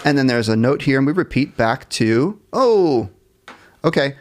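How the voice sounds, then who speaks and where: A man at an everyday middle pitch teaches a jazz band class live over a computer mic. He counts off bars, sings short scat lines and jokes about his own slips. His tone stays relaxed and encouraging. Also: a little slow, soft background music. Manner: upbeat and encouraging, counts off and scats melodies; self-deprecating about small mistakes. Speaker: music teacher.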